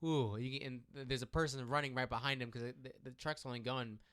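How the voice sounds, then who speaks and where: Animated bright-voiced man chatting. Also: mid-range voice, fast talker, clear, resonant tone. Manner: animated, restarts sentences often. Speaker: podcast co-host. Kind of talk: casual political chat.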